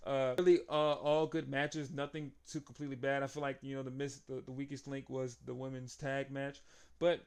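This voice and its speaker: A young man giving an excitable, casual recap of a wrestling match, laughing often and acting out the wrestlers' lines. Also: mid-range voice, fairly quick, smooth. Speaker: wrestling show reviewer.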